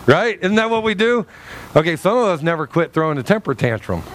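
Guy preaching a sermon, pretty high voice, acts out scenes, bit of hiss behind. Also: quick pace. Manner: animated preaching, acts out dialogue with God. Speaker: pastor.

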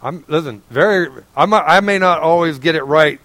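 Fervent high-voiced male preacher. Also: moderate pace, a bit bright, dry recording. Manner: fervent and folksy, pleading with listeners. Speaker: pastor. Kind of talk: sermon.

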